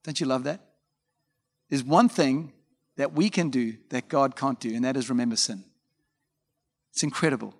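A man's voice: mid-range voice, normal speed, pauses often. A man preaching a conversational sermon as a pastor, telling stories informally with frequent fillers and asides. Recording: long hall reverb.

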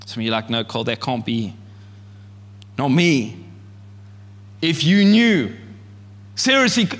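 A man preaching a sermon with passion, rising to shouts as he acts out God speaking. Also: high-pitched, in a large hall. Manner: impassioned, shouts when acting out God's voice. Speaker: pastor.

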